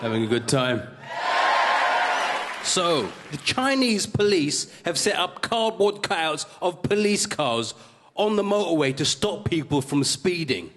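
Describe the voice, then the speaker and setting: A male stand-up comedian, hosting a comedy show with quick, cheeky punchlines before a live audience. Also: a little high, sing-song, slight background noise. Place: studio comedy stage with audience. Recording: live stage with loud crowd.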